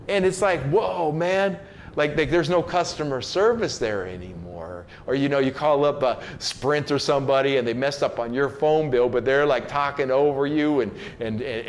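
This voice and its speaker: A man with a mid-range voice hosts a casual motivational talk, loose and slangy with many fillers and restarts, now and then acting out other people's lines in changed voices. There's slight background noise.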